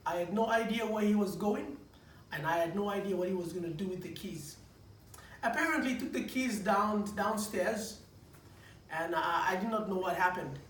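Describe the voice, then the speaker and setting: A man, a preacher, giving a personal testimony in a lively storytelling manner, stumbling over restarts and repeating words as he goes. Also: sits high, normal speed. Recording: echoey room, distant mic, faint noise.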